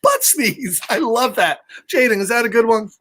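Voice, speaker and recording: A man's voice: very high-pitched, steady tone, brisk, pushed and bright. A man reading a picture book aloud to children, playful and chatty, chuckling often and greeting listeners by name. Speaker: children's storytime reader.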